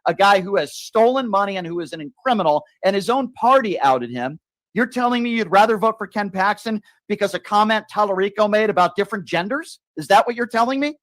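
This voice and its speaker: A high-voiced man hosts a political call-in show and argues with a caller, hammering the same questions again and again and cutting him off. The sound is dry and close. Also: animated, fairly quick, a bit bright, no echo. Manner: combative, repeats questions, talks over the caller. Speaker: show host. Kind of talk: heated political call-in argument.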